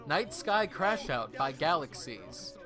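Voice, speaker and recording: A guest presenter reading out award nominees in a relaxed, joking way. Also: medium pitch, takes it slowly, over music.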